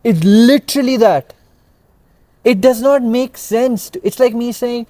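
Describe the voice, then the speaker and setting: Young guy from india venting hard, fast lists, high mellow voice. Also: dry recording. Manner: exasperated, emphatic, rapid-fire listing. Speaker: podcast co-host. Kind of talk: ranting casual chat.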